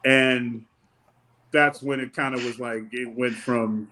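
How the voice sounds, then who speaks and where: A man's voice: mid-range voice, steady tone, takes it slowly, sharp tone. A man telling stories in a casual interview, loose and rambling, acting out the people he quotes. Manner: loose, rambling, with many fillers and restarts. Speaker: wrestling guest.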